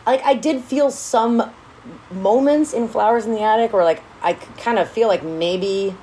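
A woman in a casual book-club chat, swearing freely and acting out characters in quick asides. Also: a little high, a little hiss or hum. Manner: animated, profane, acts out characters in quotes. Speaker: podcast co-host.

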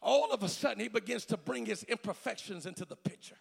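High, gravelly whooping preacher. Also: male voice, long reverb tail. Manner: whooping, sing-song preaching with shouted peaks; fills pauses with "uh". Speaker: pastor. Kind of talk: sermon.

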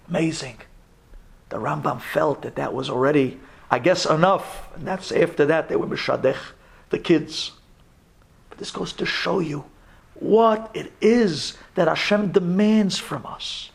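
A rabbi tells a story in a sermon, building drama and often sinking to a hushed whisper. His voice sits fairly high for a man. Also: unhurried, vocal fry, slightly rough. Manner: dramatic, dropping to whispers then rising.

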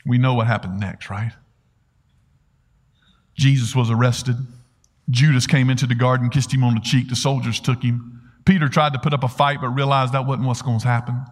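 A man's voice: mid-range voice, steady tone, moderate pace, long pauses. A man preaching a sermon, earnestly retelling a story and asking rhetorical questions. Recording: long hall reverb.

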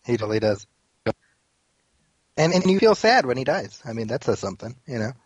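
A man speaking as a podcast guest in casual chat, thoughtful and measured, repeating words as he thinks. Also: mid-range voice, very animated, husky, dry recording, highs cut off.

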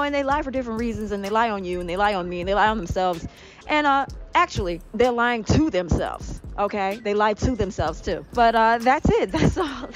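Chatty woman podcasting while walking home. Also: mid-range voice. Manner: candid, profane, animated storytelling with laughs. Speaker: podcast host. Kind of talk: casual solo podcast monologue. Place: walking outdoors on the way home from work.

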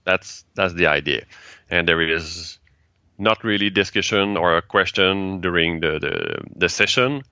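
A man from Quebec with a French-Canadian accent, a native French speaker being interviewed about the events he organizes, speaking halting English and searching for words. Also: sits low, very animated, pushed and bright, clear, resonant tone, no echo, muffled recording. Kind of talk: casual interview chat.

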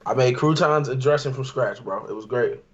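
A man's voice: mid-range voice, a little fast, dull audio, noisy background. Laid-back man chatting on a podcast. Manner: relaxed, joking, stammers. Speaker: podcast co-host. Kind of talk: casual podcast chat.

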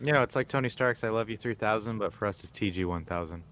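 A man's voice: on the low side, fast talker, fairly bright tone. A man co-hosting a casual podcast, joking and rambling with fillers like "you know" and "man". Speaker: podcast co-host.

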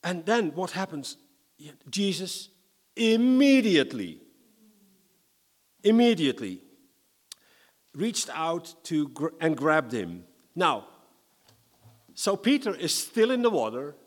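A male preacher delivers a sermon with humor and dramatic flair. His voice sits a little high for a man. The long reverb of a church hall hangs on his words. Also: slow pace, long pauses. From Netherlands. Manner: lively, humorous, dramatic scripture reading.

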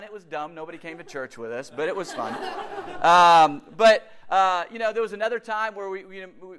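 High-voiced man preaching. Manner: animated storytelling with acted quotes. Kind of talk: sermon.

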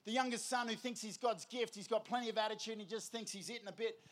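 A man preaching an energetic sermon, telling lively stories and prompting the crowd. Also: sits high, fast talker. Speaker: youth preacher.

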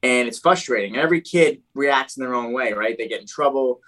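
A man's voice: mid-range voice, fairly quick, a bit bright, low-quality recording. A man from New Jersey telling his life story in a casual, rambling way, packed with "like" and "you know".

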